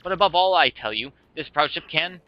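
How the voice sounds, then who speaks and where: A man's voice: fairly high pitch, expressive, brisk, dry recording, pitched above the performer's own voice, close to an everyday voice. A man hamming up a pompous vain merchant. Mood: boastful. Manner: pompous, theatrical, grandiose. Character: vain flamboyant male merchant captain. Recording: dull lo-fi with music.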